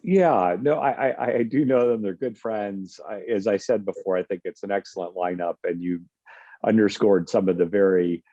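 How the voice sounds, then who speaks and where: A man on a policy panel, speaking in a measured way with many fillers and restarts. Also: on the low side, mellow, no echo, lo-fi sound.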